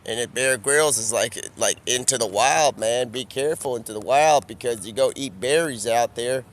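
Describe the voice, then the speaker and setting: A man of middle pitch rambles through a loose, improvised comedy bit outdoors. His talk drawls along in casual slang, tacking "man" onto almost every line. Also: moderate pace. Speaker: comedic vlogger.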